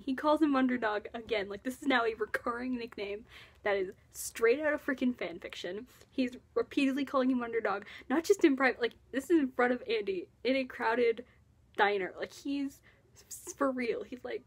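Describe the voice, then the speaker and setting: A woman's voice: on the high side, a little fast, breathy edge. Giggly young woman gushing about a show. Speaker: vlogger. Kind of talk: casual fan commentary.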